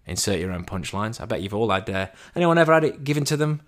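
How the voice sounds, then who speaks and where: A man telling a casual story as a monologue, animated and chatty, with a self-deprecating tone and frequent restarts. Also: mid-range voice, brisk. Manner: animated, acts out quoted dialogue in a raised voice.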